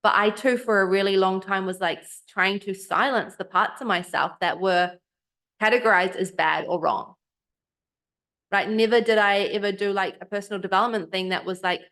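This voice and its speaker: Woman podcast cohost, mid pitch, thoughtful and heartfelt, acts out quotes. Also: fairly even intonation, moderate pace, a bit bright. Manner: reflective, earnest, acts out quoted voices. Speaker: podcast co-host. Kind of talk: casual chat.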